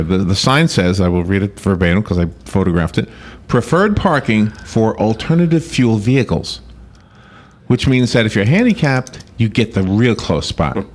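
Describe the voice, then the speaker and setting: A man hosting a casual call-in radio show, chatty and laughing at his own stories. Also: lowish voice.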